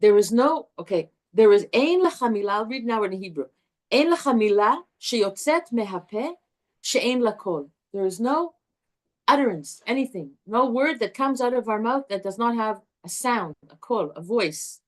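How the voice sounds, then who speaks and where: A woman teaching a live Torah class to a group, animated and chatty, restarting her sentences often. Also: on the high side, moderate pace.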